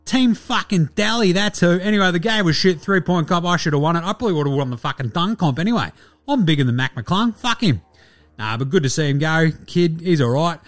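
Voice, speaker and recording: A man voicing a brash, boastful, foul-mouthed male Australian basketballer in a comedic character bit, loud and crude. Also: a little high, lively intonation, brisk, close to an everyday voice.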